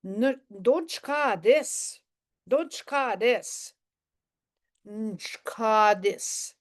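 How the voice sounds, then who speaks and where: Slow, patient woman teaching phrases. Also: mid-range voice. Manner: patient, repeats each phrase slowly for learners to copy; coaches pronunciation with gentle corrections. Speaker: language teacher. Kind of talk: live language lesson, drilling phrases.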